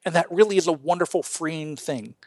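A man's voice: on the high side, fairly quick, darkish tone, dry recording. A man from Illinois hosting a Lutheran podcast, teaching in a casual chat with earnest, stammering restarts. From Illinois, USA.

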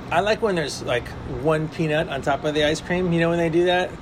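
A man's voice: on the high side, steady tone, brisk, background noise. A man casually chatting as a podcast co-host, playful and argumentative, laughing often. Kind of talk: casual chat.

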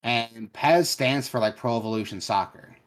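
A young man co-hosting a gaming news podcast in casual chat, swearing freely and telling stories with lively energy. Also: mid-range voice, normal speed. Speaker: podcast co-host.

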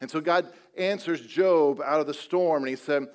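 Preaching at a moderate pace, a pastor keeps his sermon conversational and leans on rhetorical questions, his voice slightly high. Stressed words get stretched out before he picks the pace back up.

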